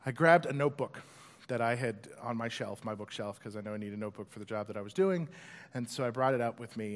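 A pastor preaching a sermon, telling a story in an animated way and acting out its voices. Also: male voice, medium pitch. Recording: long hall reverb.

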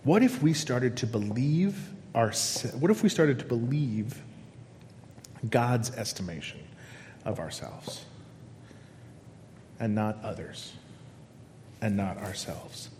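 A man preaching a sermon, swinging from loud excitement down to hushed, whispered lines. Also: mid-range voice, takes it slowly, pauses often, a little hiss or hum. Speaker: pastor. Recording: long hall reverb.

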